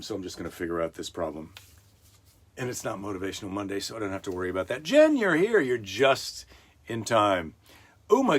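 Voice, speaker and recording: A male comedian talks through a story in a loose, chatty monologue. His pitch swings widely and he keeps breaking off for wisecracks. The tone is offhand and conversational. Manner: rambling, wisecracking asides. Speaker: comedian host. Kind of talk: casual comic monologue.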